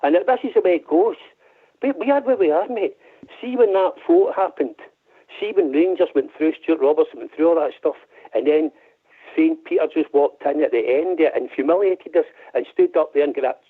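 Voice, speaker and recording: A Scottish man calling in to a football phone-in, passionate and frustrated, almost shouting. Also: fairly high pitch, slightly rough. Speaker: caller. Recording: tinny phone line.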